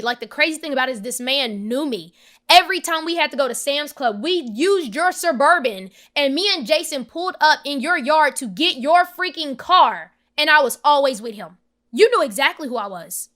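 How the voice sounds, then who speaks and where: A young woman with a high, bright voice tells a painful personal story as a podcast guest. She is animated and emphatic and acts out the voices of others as she goes. Her tone is crisp and vivid throughout.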